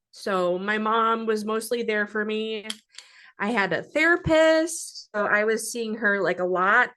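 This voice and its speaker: A young woman telling a personal story in a podcast interview, speaking haltingly and with feeling, with many pauses and fillers. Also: mid-range voice, fairly bright tone. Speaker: guest sharing a personal story.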